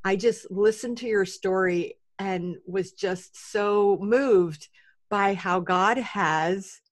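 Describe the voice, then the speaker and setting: A woman's voice: mid-range voice, takes it slowly. A woman hosting a faith podcast, introducing her guest and asking questions in an effusive way. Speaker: podcast host.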